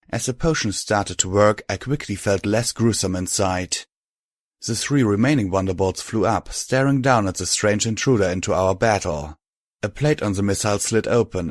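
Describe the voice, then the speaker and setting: Low-voiced guy reading a story, steady and even, dry mic. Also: no room sound. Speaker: audiobook narrator. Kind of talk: scripted narration.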